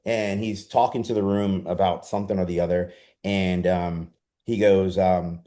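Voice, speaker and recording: A man leading an online coaching session over a video call, speaking with a fairly low, mellow voice. He is energetic and persuasive. He keeps pulling the group in with rhetorical questions. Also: normal speed.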